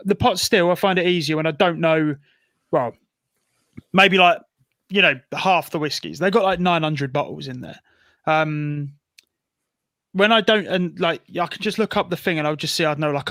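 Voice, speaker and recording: A man's voice: a little high, a bit bright, dry recording, studio quality. A man chatting as a guest on a casual livestream, musing aloud about his choices.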